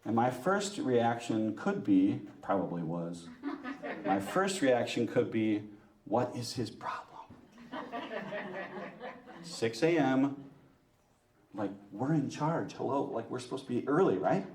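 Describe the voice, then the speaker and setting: A man giving a lively, joking talk to a women's church group, teasing himself and asking the audience questions. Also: mid-range voice, unhurried, echoey room, far from the mic, a crowd in the background. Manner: lively, joking, self-mocking, asks the audience. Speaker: parish speaker. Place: church meeting room.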